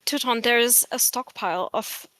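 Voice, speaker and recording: A woman's voice: a little high, moderate pace, over a noisy crowd. Blunt, profane, heated woman debater. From Arab diaspora. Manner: blunt, profane, interrupts and lectures.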